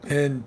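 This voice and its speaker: A man's voice: a little mellow, slight background noise. A man hosting a casual livestream, talking to viewers in a blunt, rambling, joking way. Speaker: livestream host.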